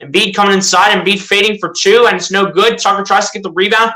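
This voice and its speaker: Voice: medium pitch, fairly even intonation, quick pace, bright, forceful tone, poor audio. A fan doing live play-by-play of a basketball game, exasperated, firing rhetorical questions at the team and often correcting or repeating themselves. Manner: chatty, self-correcting, repeats itself.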